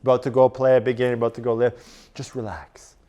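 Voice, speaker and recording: A man coaching a live audience in a casual, animated presentation. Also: mid-range voice, rapid-fire, clear, resonant tone, dull audio. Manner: casual and animated, lots of "like" and "right?". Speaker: strength and performance coach. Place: conference room.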